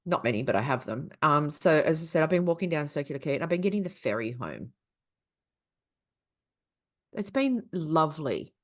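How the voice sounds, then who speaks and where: A woman's voice: sits low, very animated, normal speed, pauses often. An Australian woman co-hosting a podcast, telling stories in casual chat, swearing freely and laughing often. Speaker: podcast co-host.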